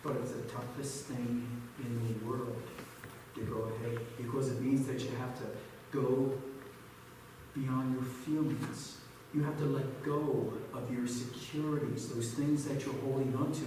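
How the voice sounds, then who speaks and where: Pastor preaching in an echoey church. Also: male voice, mid-range voice, noisy background. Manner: storytelling, rising to emphatic pleas. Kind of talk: sermon. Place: church sanctuary. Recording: echoey church hall from far off.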